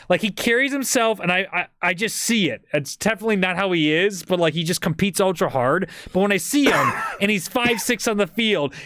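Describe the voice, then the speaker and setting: A man hosting a casual livestreamed podcast, rambling and excitable, getting loud when worked up. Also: high-pitched, no room sound, clean studio sound. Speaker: podcast host.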